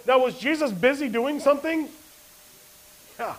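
A man's voice: high voice, expressive, normal speed, poor audio. A man preaching a sermon as pastor, asking the congregation questions and answering them, and reading scripture with rising emphasis. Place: church service.

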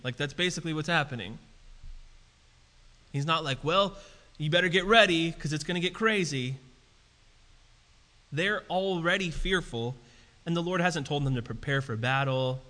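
Bright-voiced man preaching in a hall. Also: a little high, moderate pace, pauses often. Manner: casual preaching with animated emphasis. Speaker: pastor. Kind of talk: sermon. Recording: reverberant hall.

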